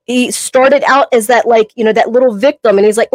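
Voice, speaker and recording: A woman's voice: fairly high pitch, fairly even intonation, a little fast, no room sound, poor audio. Chatty woman, emotional rambling storyteller. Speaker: personal trainer and podcast co-host. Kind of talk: casual podcast chat.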